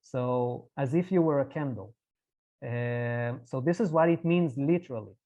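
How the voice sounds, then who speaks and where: A lecturer giving a patient, explanatory online talk over a video call, often checking in with a quick "yeah". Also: mid-range voice, warm tone. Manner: patient, tags points with "yeah". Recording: tinny phone-like line.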